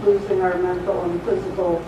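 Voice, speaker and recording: A seminar participant slowly reading a dictation exercise aloud, speaking each punctuation mark. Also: medium pitch, dull audio. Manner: slow, flat reading of punctuation marks. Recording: very echoey, distant mic, noisy.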